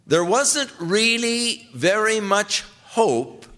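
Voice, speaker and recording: An older male pastor teaching the Bible in a relaxed, conversational way, slipping scripture into plain everyday speech. His voice sits a little high for a man. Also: extremely slow.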